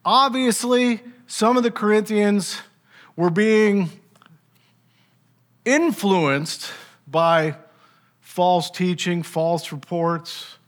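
A man's voice: high-pitched, very slow, long pauses. A man preaching a sermon, teaching in an emphatic, conversational way with rhetorical asides.

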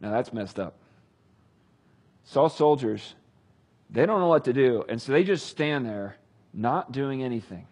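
A man retelling a Bible story with casual, animated commentary. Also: mid-range voice, unhurried, long pauses. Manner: animated, conversational. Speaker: Bible teacher.

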